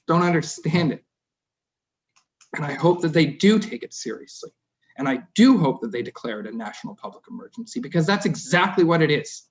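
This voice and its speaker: A Canadian man gives an impassioned speech at a council meeting, his voice climbing high when he presses a point. His tone sits a little above the usual. The audio is dull and lo-fi. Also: expressive, a little fast. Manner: impassioned, voice rising and breaking off. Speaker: city councillor.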